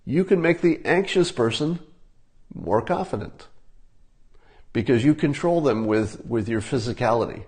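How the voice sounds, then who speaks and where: An older man gives advice in a casual, unhurried monologue. His voice sits at an ordinary middle pitch and he talks plainly, as if to one listener. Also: husky. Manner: relaxed, conversational, demonstrating examples. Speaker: cartoonist giving advice.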